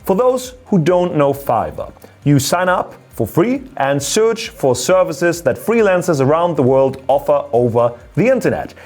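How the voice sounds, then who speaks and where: This is a German-accented man in his thirties hosting an explainer vlog, and his voice sits a little high for a man. He talks in an upbeat, explanatory way and swings his pitch up to stress points. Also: sing-song, a little slow, a little mellow. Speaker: photography YouTuber and former radio presenter.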